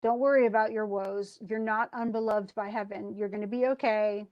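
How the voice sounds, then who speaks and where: A woman's voice: medium pitch, steady tone, normal speed, muffled recording, lightly acted. A woman teacher quoting a reassuring goddess mother who tells her son that he will be fine. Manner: soothing, urging.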